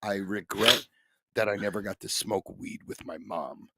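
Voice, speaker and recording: A man's voice: lowish voice, fairly even intonation, normal speed, very noisy. A man co-hosting a comedy podcast, telling profane stories from his youth in a laid-back, chuckling way. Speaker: podcast co-host. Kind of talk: casual comedic storytelling.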